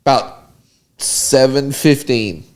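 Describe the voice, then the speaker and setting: A man's voice: medium pitch, slow pace. A man, co-hosting a podcast and telling a story in casual chat, acting out the voices of the people in it. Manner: animated, mimics voices in stories. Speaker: podcast co-host.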